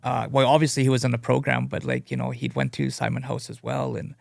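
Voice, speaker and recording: A man sharing his addiction recovery story as a guest speaker. He talks in a halting, earnest way and leans on "you know" a lot. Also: mid-range voice, level tone, vocal fry, darkish tone, dry recording, studio quality. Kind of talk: personal testimony, casual storytelling.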